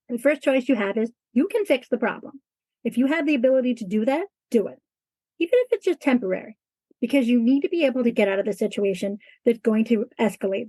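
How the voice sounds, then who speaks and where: A woman's voice: fairly high pitch, dark tone, no room sound. A woman teacher talking as a guest in an interview, earnest and emphatic. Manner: earnest, emphatic, acts out classroom talk. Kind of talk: conversational interview.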